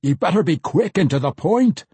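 A man doing a gruff wild dwarf. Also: high voice, expressive, moderate pace, warm tone, no echo, voice pushed up, full character voice. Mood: barking. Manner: gruff, barking, dialect speech. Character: wild, gruff male dwarf battle rager.

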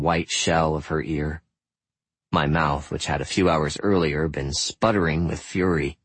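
Very deep husky male narrator. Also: dry recording. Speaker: audiobook narrator. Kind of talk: scripted first-person narration.

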